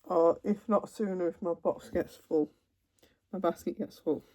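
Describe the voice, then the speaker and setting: Slow-talking woman, mellow and chatty. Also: on the low side, no room sound. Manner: chatty, unhurried, trailing asides. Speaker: cross-stitch vlogger. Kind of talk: casual chat while unboxing. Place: home, seated in a computer chair.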